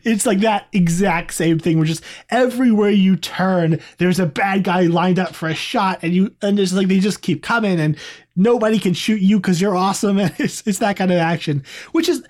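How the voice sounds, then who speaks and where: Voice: mid-range voice, moderate pace, darkish tone. A podcast co-host in a casual review chat, talking in a chatty, rambling way with many asides.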